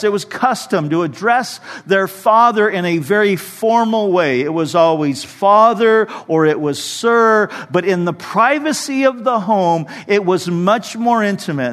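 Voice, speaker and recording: A man in his forties preaching a conversational sermon as a pastor, acting out his own past prayers in a church. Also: high-pitched. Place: church sanctuary. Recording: reverberant hall.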